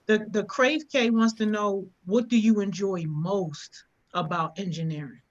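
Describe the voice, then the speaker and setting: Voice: mid-range voice, steady tone, a little slow, lo-fi sound. A youth mentor hosting a live online session, chatting casually and directly, asking questions and encouraging the guest. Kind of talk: casual live-stream chat.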